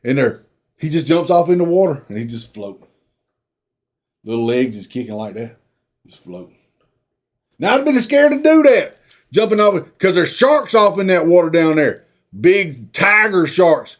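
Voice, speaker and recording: High, lively storyteller man. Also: normal speed, long pauses. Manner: rambling, folksy, drawling asides. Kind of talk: comic rambling movie retelling.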